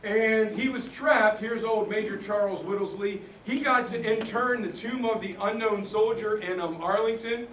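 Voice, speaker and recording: Man, fairly high voice, earnest history storyteller, recorded in a roomy space from a distant mic. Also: normal speed, hardly any pauses, a bit bright, a little hiss or hum. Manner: earnest retelling that acts out quoted soldiers. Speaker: speaker on history.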